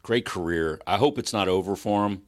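A man's voice: low-pitched, fairly quick. A man co-hosting a sports podcast, blunt and profane, giving strong opinions in casual chat. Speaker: podcast co-host, former media member.

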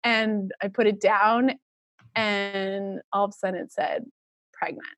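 A woman in her thirties speaks as an interview guest, retelling something personal with animated, emotional energy. Her talk is full of "like" fillers. The sound is dry and close, with no room echo. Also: mid-range voice, measured pace. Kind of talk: personal storytelling in conversation.

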